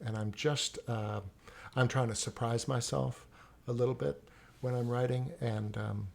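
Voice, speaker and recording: A man's voice: mid-range voice, fairly even intonation, a little slow, creaky, a little mellow. A middle-aged man, a poet and teacher, telling rambling stories in a casual interview, often restarting his sentences. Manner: rambling storyteller, frequent restarts.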